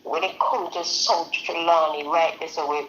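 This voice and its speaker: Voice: medium pitch, fairly even intonation, moderate pace, a bit bright, a little hiss or hum. Jamaican accent, host, chatty, storytelling, muffled sound, roomy echo. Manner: interjecting, storytelling. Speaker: live stream host. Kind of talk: casual political chat.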